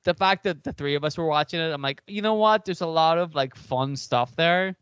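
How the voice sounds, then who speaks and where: A man's voice: fairly high pitch, a little fast, a bit bright, smooth, no echo, lo-fi sound. A man with an Irish accent, co-hosting a podcast in casual, rambling chat full of "like". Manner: rambling, heavy use of "like". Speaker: podcast co-host.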